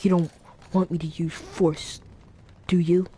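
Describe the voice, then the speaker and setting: Todoroki, a woman doing a low cool jealous boy. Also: level tone, measured pace, slight background noise, close to an everyday voice. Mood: cold. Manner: low, cool, quietly menacing.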